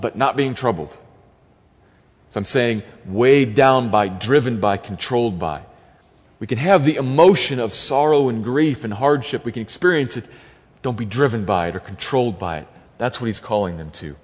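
A man's voice: medium pitch, lively intonation, moderate pace, slightly rough. A man preaching a sermon, reading scripture aloud and then explaining it earnestly, repeating key phrases for emphasis. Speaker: pastor. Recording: long hall reverb.

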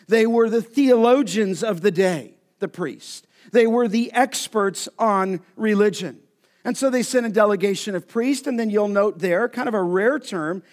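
A male pastor preaching an expository sermon, slowing down to stress each scripture phrase. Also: high-pitched. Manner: emphatic, slows down to stress scripture. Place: church sanctuary.

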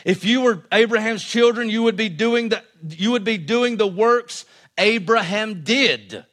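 A man preaches a sermon with real animation, his voice sitting high and bright. He swings from loud, emphatic lines to hushed, intimate ones. His delivery stays expressive and conversational throughout. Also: a little slow. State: out of breath. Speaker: pastor.

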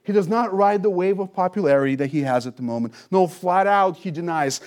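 A man's voice: high voice, a little fast, hardly any pauses, a little mellow. A man preaching an expository sermon, teaching with emphasis and rhetorical questions. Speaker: pastor.

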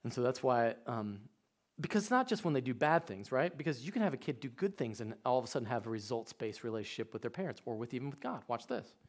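A man, preaching a sermon with animated storytelling that swings from quiet to loud. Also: medium pitch, quick pace. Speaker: pastor.

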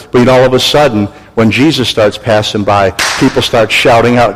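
A man preaching a sermon as pastor, animated, acting out voices and crying out for emphasis. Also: medium pitch, fast, few pauses. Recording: long hall reverb.

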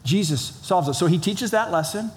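A man preaching a sermon as pastor, animated, acting out the voices of the people in his story. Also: sits high, moderate pace, big-room sound. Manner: animated, acts out voices of biblical figures.

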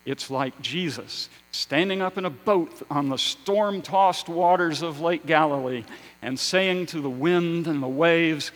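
A man preaching a sermon as pastor, slow and measured, building to loud emphasis and then dropping to a hush. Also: mid-range voice, rough recording.

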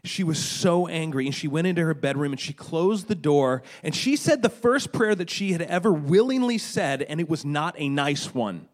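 Storytelling male pastor, slightly high voice. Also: normal speed, hardly any pauses. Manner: animated, dramatic retelling with stammered restarts. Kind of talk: sermon storytelling.

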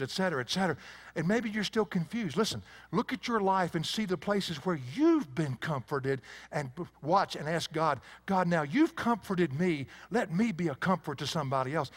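Dynamic preaching man, pastor. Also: fairly high pitch. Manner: dynamic preaching, swings between loud emphasis and quiet. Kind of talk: sermon. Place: church sanctuary with congregation.

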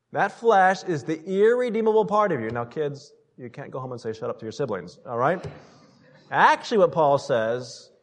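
Male pastor mid-sermon, animated, swings from loud to hushed, asks the congregation questions. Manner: animated preaching, swinging between loud emphasis and soft low asides; addresses the congregation with rhetorical questions.

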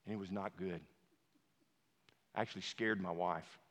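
A male pastor delivers a sermon with a sharp, forceful edge to his voice. He swings from low, hushed stretches to emphatic shouts. His words ring out with a long reverb, as in a large hall. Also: fairly even intonation, moderate pace.

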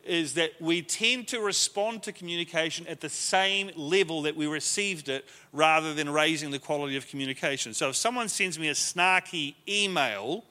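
A man's voice: fairly high pitch, normal speed, hardly any pauses, sharp tone, long reverb tail. A man teaching a leadership class to a group in a conversational way, often acting out the lines he quotes.

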